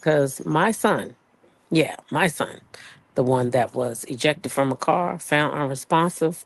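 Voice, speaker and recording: A woman's voice: rumbling low, darkish tone, slightly rough, rough recording. A woman hosting a casual live stream from her backyard, chatty and greeting viewers by name, a little stuffy from a cold. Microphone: phone on a selfie stick.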